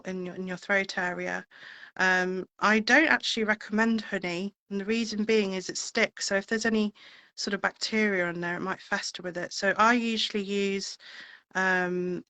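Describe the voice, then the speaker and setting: A woman's voice: mid-range voice, sharp tone, dry recording, poor audio. Woman, singer, interview guest, rambling, chatty, dry close sound. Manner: chatty and rambling, with many fillers. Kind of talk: casual interview chat.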